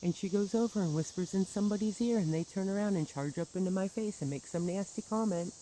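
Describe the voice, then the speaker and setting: A woman's voice: mid-range voice, fast talker, warm tone, slight background noise, rough recording. A woman telling a personal grievance story in a bitter, sarcastic monologue with wry laughs. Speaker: churchgoer recounting grievances.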